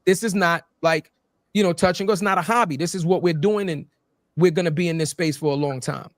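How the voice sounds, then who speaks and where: High-voiced, swearing podcast host. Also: male voice, a little fast, no room sound, clean studio sound. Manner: loose, profane, emphatic storytelling. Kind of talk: casual podcast conversation.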